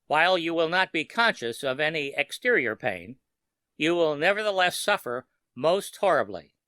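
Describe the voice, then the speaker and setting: Man reading as a cruel storybook wizard: slow, precise menace in a bright, slightly high voice. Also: big pitch swings, smooth, no echo, clean studio sound. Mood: menacing. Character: sinister male wizard, coldly gloating.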